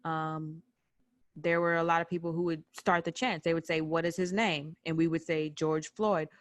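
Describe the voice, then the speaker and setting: A young adult woman from the United States, telling a personal story on a podcast in an animated way, acting out what people said. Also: deep voice, normal speed, no room sound. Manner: animated retelling with quoted voices. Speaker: podcast guest recounting a protest. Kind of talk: personal storytelling in casual chat.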